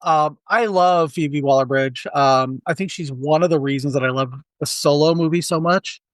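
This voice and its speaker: A man's voice: on the high side, normal speed, no room sound. A man co-hosting a casual movie review podcast, telling stories with lots of restarts and acting out quotes. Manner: animated storyteller, acts out quotes. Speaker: podcast co-host.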